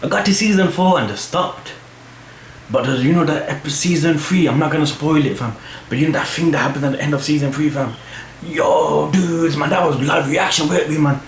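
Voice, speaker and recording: A man's voice: a little high, a little fast. A young man, rambling casually in slang as he answers fan questions for his channel. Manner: slangy, rambling, full of "fam" and "you know what I mean". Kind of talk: casual chat. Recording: echoey room with faint hum.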